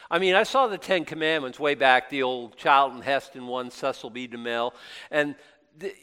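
A man's voice: mid-range voice, moderate pace, pushed and bright, clear, resonant tone. A man preaching a sermon in a chatty, self-deprecating way, with joking asides between scripture readings. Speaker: pastor.

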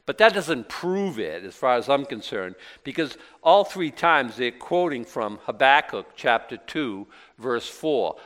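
Man preaching a conversational sermon. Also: medium pitch. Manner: conversational, rising to emphatic bursts then dropping soft; asks the congregation questions and answers them himself. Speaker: pastor.

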